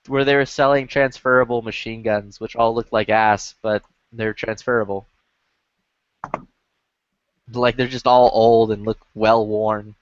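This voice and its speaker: A man's voice: lowish voice, fairly even intonation, unhurried, dry recording. Casual male chatter, swears freely and fills with "like", dull lo-fi chat audio. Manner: profane, rambling, many filler "like"s. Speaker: lobby chat regular.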